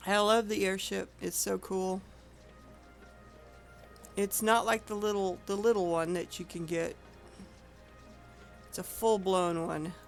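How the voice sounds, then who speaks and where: A woman's voice: medium pitch, fairly even intonation, slow pace, long pauses. Chatty woman rambling over game music. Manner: chatty, rambling, self-correcting. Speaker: streamer playing an online game. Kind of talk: casual gameplay commentary.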